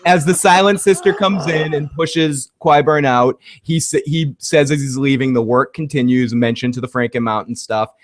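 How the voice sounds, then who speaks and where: A young male host recapping an episode in casual chat. He retells scenes with gusto, swears a lot and laughs easily. His voice sits a touch high. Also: moderate pace, hardly any pauses. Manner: animated retelling, swears often, laughs at own slips.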